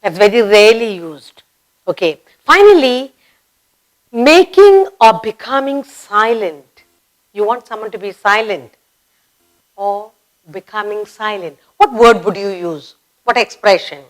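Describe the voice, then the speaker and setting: A woman's voice: medium pitch, lively intonation, low-quality recording. A woman with an Indian English accent teaching a grammar lesson for children, acting out example exclamations. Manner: slow, acts out example exclamations.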